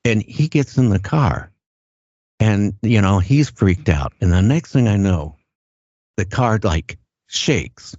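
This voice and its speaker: Deep-voiced older man, halting storyteller. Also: lively intonation, a little mellow, no echo. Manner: halting, earnest, repeats words as he goes. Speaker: guest recounting an encounter. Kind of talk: casual first-person storytelling. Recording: dull lo-fi sound.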